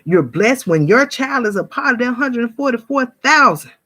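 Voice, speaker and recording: A woman's voice: a little high, lively intonation, normal speed, bright, forceful tone. A woman, talking straight to her viewers in a fervent casual sermon, calling them y'all and now and then mimicking gossiping people. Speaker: spiritual vlogger. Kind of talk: casual preaching monologue to viewers.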